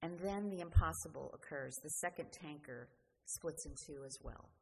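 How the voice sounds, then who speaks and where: A woman preaching a sermon, earnest and questioning, often letting her sentences fall quiet at the end. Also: sits low, normal speed, creaky, husky. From New Jersey. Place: church. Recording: church hall reverb, faint noise.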